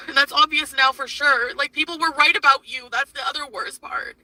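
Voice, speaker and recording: A woman's voice: high-pitched, fairly even intonation, fairly quick, hardly any pauses, pushed and bright. A woman venting angrily on a livestream, swearing heavily as she rants at length. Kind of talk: emotional livestream rant. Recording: distant mic with faint noise.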